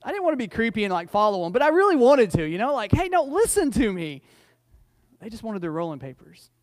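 A male pastor, preaching in church in a folksy, joking way. His voice sits high, and he often restarts and repeats his words before building to an emphatic point. The sound is close and dry, with no room echo. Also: very animated, fast talker. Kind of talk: conversational sermon with storytelling. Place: church sanctuary.

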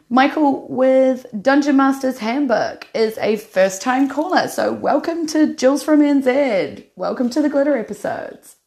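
Chatty New woman hosting a podcast. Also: fairly high pitch. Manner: chatty, upbeat, uses "like" often. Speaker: podcast host. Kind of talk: casual chat. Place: bath.

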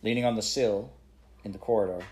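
A man reading a children's book aloud to a child at bedtime in a steady, expressive way. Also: on the low side, a little fast.

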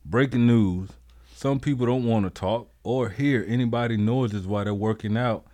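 A man's voice: mid-range voice, mellow. A man co-hosting a podcast who talks bluntly, swears a lot and restarts his sentences often. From United States. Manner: blunt, profane, halting restarts. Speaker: podcast co-host. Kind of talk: casual chat.

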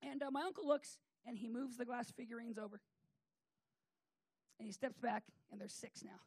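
A man's voice: very high voice, normal speed, a little mellow, no room sound. A man preacher telling a rambling, joking story in a comic sermon, full of fillers.

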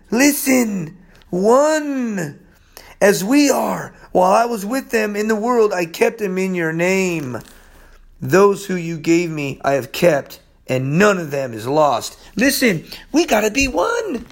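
Impassioned high-voiced male preacher. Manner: impassioned, swings from soft to yelling; laughs often mid-sentence. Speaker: pastor. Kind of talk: sermon.

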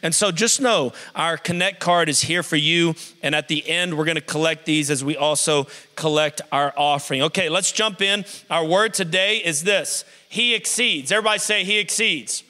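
A man preaching a lively call-and-response sermon, stretching out scripture words for emphasis. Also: fairly high pitch. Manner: energetic, drawn-out emphasis on scripture. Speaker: pastor. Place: church sanctuary. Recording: live sermon in a reverberant hall.

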